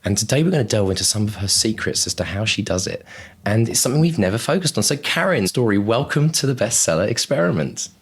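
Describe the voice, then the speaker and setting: Male podcast host, lower register, eager and talkative. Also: sing-song, fast talker, husky. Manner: enthusiastic, chatty, fond of alliteration. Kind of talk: podcast interview.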